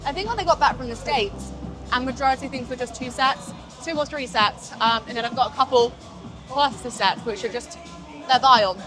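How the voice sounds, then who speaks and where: A young English woman chats to camera at the gym in a loose, rambling vlog style. Her voice sits a little high and she swears without a second thought. Faint music plays in the background. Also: fairly quick, a crowd in the background. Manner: chatty, swears casually, rambling asides. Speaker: fitness vlogger. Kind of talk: casual vlog chat to camera.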